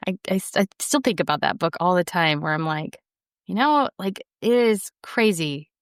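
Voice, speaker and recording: A woman's voice: lowish voice, expressive, normal speed, clear, resonant tone, dry recording, clean studio sound. A young adult woman, an audiobook narrator, chatting casually in an interview and rambling with lots of fillers. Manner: rambling, lots of fillers, self-deprecating laughs.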